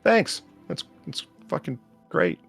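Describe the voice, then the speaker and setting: A man in casual stream banter, gruff and swearing, stammering as he restarts. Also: slow pace, faint music behind. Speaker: co-host.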